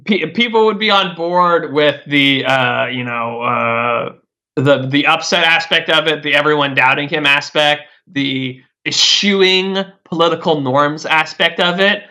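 A man's voice: a little high, unhurried, pushed and bright. A man talking politics in a loose, rambling way, full of "like" and "uh", often restarting his sentences. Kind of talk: casual political chat.

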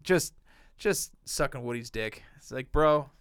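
A man's voice: mid-range voice, lively intonation, unhurried, clear, resonant tone, no echo, studio quality. A young man co-hosting a podcast, rambling through profane stories in casual chat. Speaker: podcast co-host.

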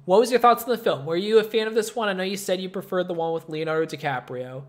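A man co-hosting a casual film review chat, animated and laughing often. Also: sits high, fast talker, faint music behind. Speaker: podcast co-host.

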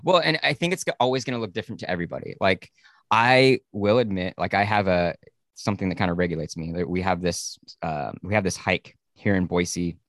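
A deep-voiced man hosts the chat in a relaxed, frank manner, swearing now and then. His low voice sits close and dry with no room sound. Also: fairly quick, dry recording. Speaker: podcast host. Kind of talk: casual podcast conversation.

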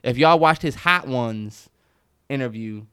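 A man's voice: mid-range voice, a little slow, fairly bright tone, smooth. A man co-hosting a podcast, riffing in casual chat with emphatic, profane opinions. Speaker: podcast co-host.

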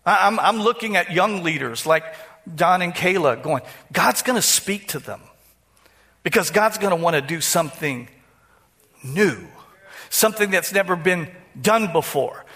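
A man's voice: sits high, animated, measured pace, pushed and bright. A man preaching a sermon to his congregation in a conversational style, often repeating words and asking the room questions. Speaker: pastor. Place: church.

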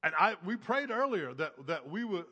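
A male pastor delivering a sermon with a high, bright, ringing voice. He preaches emphatically, stacking repeated phrases in rhythmic lists. His voice carries a long reverb, as if heard in a church sanctuary. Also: big pitch swings, moderate pace, muffled recording.

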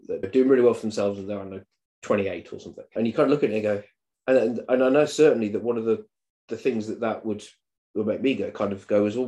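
Male host in his forties, low-pitched, meandering and hesitant. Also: warm tone. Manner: hesitant, rambling, many restarts. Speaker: podcast host. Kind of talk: casual podcast chat.

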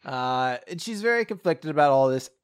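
A podcast co-host with a slightly high, animated voice recaps a story chapter in a rambling, casual chat at normal speed, laughing often and acting out the characters' lines. His tone is clean.

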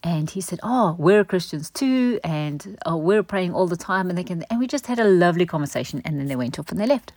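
A woman's voice: fairly low pitch, lively intonation, quick pace, hardly any pauses, darkish tone, dry recording. A woman giving a candid personal testimony, storytelling with frequent "right?" asides. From South Africa. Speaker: church member sharing a testimony.

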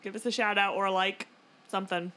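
A woman co-hosting a podcast in casual chat, easygoing and quick to laugh. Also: medium pitch, steady tone, pushed and bright. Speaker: podcast co-host.

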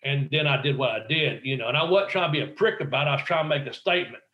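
A man's voice: medium pitch, racing, pushed and bright, roomy sound, highs cut off. A man, a former pro wrestler, telling rambling, profane anecdotes in a casual interview and acting out quotes.

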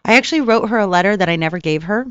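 A woman, an actress, telling stories from set in a casual interview, animated and laughing often. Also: mid-range voice, very fast, clean tone, no room sound, dull audio. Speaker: actress, guest. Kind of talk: casual storytelling.

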